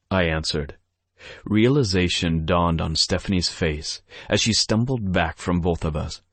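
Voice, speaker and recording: A man with a very deep, husky voice reads a romance audiobook in first person. His delivery is gruff and measured, unhurried. The recording is dry and close, from a studio mic. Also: a bit bright, dry recording. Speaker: audiobook narrator.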